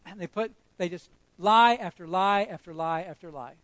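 A male pastor preaching a storytelling sermon. He repeats phrases for effect, in a voice that sits a little high. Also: moderate pace, a bit bright, no echo, rough recording.

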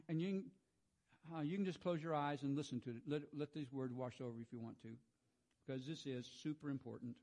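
A man giving a devotional sermon. He reads scripture in a soft, hushed voice, then urges his listeners on with rising emphasis, clearing his throat often. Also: medium pitch, quick pace. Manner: frequent throat clearing and restarts. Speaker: preacher.

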